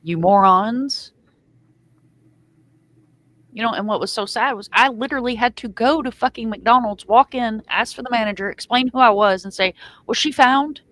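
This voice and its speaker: A woman's voice: fairly high pitch, fast talker, few pauses, a bit bright. Female host, heated and foul-mouthed, casual group talk. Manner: angry, profane ranting.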